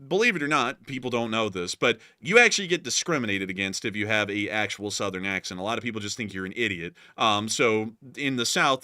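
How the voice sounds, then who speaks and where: Bright-voiced rambling male streamer. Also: mid-range voice, dry recording, studio quality. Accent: light, mostly neutral American. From US South. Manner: chatty, rambling, many fillers. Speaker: host. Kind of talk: casual live-stream talk.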